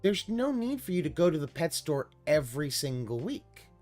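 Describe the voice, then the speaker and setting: A woman's voice: low voice, big pitch swings, moderate pace, darkish tone. Sarcastic woman ranting over faint music. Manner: exasperated, sarcastic, swears a lot, mocking voices. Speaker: stream host reacting to a video. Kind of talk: profane ranting reaction commentary.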